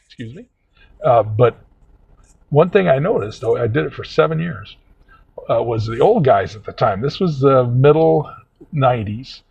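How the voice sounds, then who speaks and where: An older man telling a long, meandering personal story in casual vlog talk, halting often with fillers. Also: medium pitch, expressive, vocal fry, breathy edge, dull audio. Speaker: vlog host.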